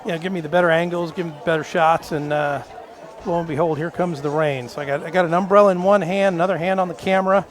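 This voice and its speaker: A man doing color commentary and running the camera at an outdoor football game, rambling with halting restarts. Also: on the high side, steady tone, a faint crowd. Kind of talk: local sports commentary. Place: outdoor camera platform in the rain.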